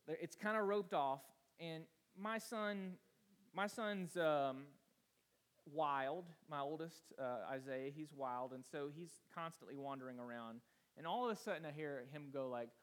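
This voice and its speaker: Earnest man preaching a sermon. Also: mid-range voice. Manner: earnest, rambling storytelling with restarts. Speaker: pastor.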